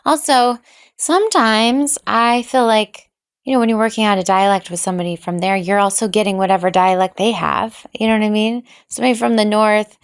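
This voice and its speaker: A woman's voice: mid-range voice, fairly even intonation, smooth. Playful American woman, podcast guest. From United States. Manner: playful, quick to chime in and laugh. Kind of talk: casual chat.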